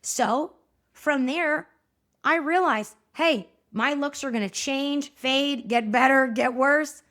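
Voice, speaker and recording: Hosting her own podcast alone, a high-voiced woman in her thirties speaks slowly yet stays chatty, animated and encouraging, talking straight to her listeners.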